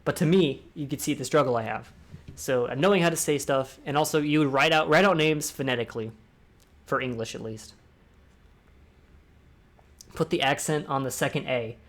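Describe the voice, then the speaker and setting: A young man hosting a casual online talk, speaking fast and rambling, swearing freely. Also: medium pitch, fairly bright tone. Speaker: discord talk host. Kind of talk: casual chat.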